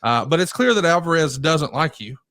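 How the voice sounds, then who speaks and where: A man's voice: on the high side, animated, moderate pace, fairly bright tone. A man co-hosting a podcast, chatting casually and prodding with questions. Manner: conversational, prompts with questions. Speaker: podcast co-host. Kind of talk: casual chat.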